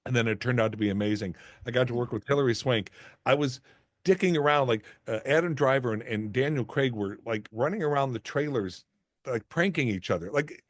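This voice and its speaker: A middle-aged man, an actor and guest, telling animated, self-deprecating anecdotes in a casual interview, with lots of restarts. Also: mid-range voice, a little fast, no room sound, studio quality.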